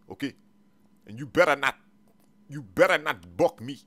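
A young man hosting an improvised game role-play, loud and excitable, talking in slang and calling out to his viewers. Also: mid-range voice, moderate pace, long pauses. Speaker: channel host.

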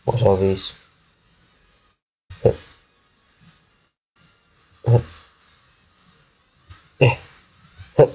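Slow-talking young man gaming. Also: on the low side, dark tone, lo-fi sound, soft background music. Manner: jumpy, mutters, exclaims when scared. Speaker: gaming video creator. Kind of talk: casual gameplay commentary.

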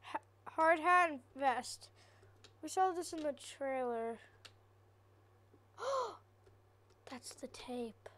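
Slow-talking high-voiced gaming host. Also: female voice, fairly bright tone, a little hiss or hum. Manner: nervous, chatty, talks to viewers. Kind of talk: horror game let's play commentary.

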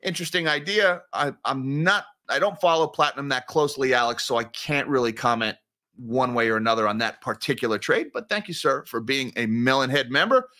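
A man's voice: mid-range voice, expressive, a little fast, bright, forceful tone. A man hosting a finance channel, chatting casually through viewer comments and correcting himself as he rambles. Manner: rambling, conversational, self-correcting. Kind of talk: casual livestream chat reading viewer comments.

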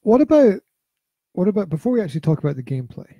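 A man's voice: sits high, big pitch swings, fast, mellow, no room sound. A middle-aged father chatting casually as a podcast co-host, rambling and repeating his words with hesitant fillers. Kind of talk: casual chat reviewing a VR game.

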